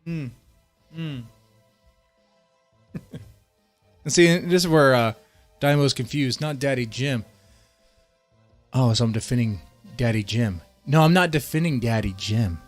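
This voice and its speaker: A man's voice: medium pitch, unhurried, pauses often, dry recording, soft background music. Heated, profane male streamer ranting. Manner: heated, profane, repeats phrases, stumbling restarts. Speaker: streamer reacting to a video. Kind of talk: casual live-stream rant.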